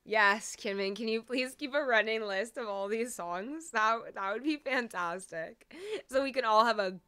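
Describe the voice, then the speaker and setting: A woman's voice: on the high side, normal speed, pushed and bright, clean tone, no echo. A woman livestream host chatting casually and emotionally between songs, reading out viewers' comments, with many fillers and laughs. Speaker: streamer and singer.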